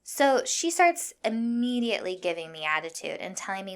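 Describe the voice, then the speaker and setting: A young woman from Iowa hosting a podcast, telling a story in a fired-up, profane, animated way. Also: medium pitch, moderate pace. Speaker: podcast host. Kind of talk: casual storytelling monologue.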